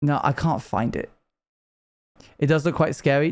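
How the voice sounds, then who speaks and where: A man's voice: a little high, moderate pace, darkish tone. A man live-streaming a game, chatting loosely to his viewers and rambling from one thought to the next. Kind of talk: casual live-stream chat while gaming.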